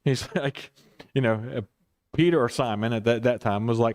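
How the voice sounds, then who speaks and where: A man's voice: mid-range voice, brisk. Man leading a rambling Bible study. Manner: rambling, self-correcting, chuckling asides. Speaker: pastor.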